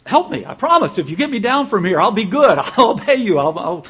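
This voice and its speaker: A man voicing a panicked man hanging from a cliff, yelling for help in a shrill, strained voice. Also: huge pitch swings, slow, husky, heavily acted. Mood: frantic. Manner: frantic, yelling.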